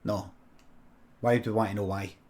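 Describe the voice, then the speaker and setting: A Scottish man voicing an offhand army recruiter who talks slowly and dismissively. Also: on the low side, little pitch movement, darkish tone, pitched below the performer's own voice, lightly acted.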